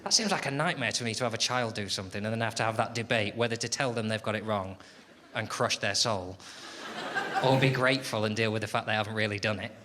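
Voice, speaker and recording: On a theatre stage, a man with a lowish voice performs fast, sardonic stand-up, lively and swearing a lot as he chats with the crowd. The live recording is filled with loud laughter and crowd noise.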